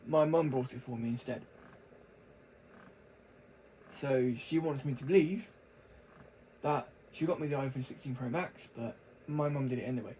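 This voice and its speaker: A man's voice: mid-range voice, normal speed, pauses often, dark tone, a little hiss or hum, low-quality recording. A young man talking casually to camera, rambling and chatty with frequent restarts. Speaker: vlogger.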